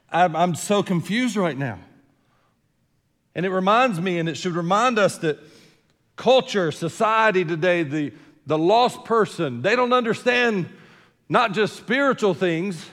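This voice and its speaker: An older male pastor preaching in a voice a little higher than most men's. He talks conversationally, drops in jokes and repeats words as he starts a thought. His voice rings with a long echo through a church hall. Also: fairly bright tone. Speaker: senior pastor. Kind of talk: sermon. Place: church sanctuary.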